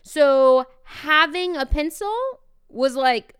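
A woman teacher hosting her own podcast, talking in a casual, loud and energetic way, candid and animated. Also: fairly high pitch, measured pace, smooth. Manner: animated and candid, acts out quoted exchanges. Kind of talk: casual solo podcast talk.

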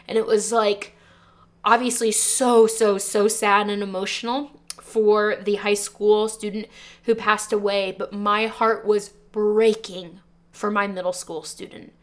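A woman's voice: mid-range voice, little pitch movement, unhurried. Earnest, heartfelt woman teacher sharing a story. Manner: earnest, heartfelt, openly emotional; conversational with frequent "like" fillers. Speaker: teacher and podcast host. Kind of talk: personal storytelling monologue.

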